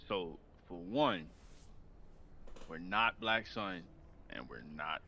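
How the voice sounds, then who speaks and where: Low-voiced male player on a dull mic. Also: expressive, slow, vocal fry, sharp tone. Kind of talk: casual tabletop game play. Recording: dull mic with faint noise.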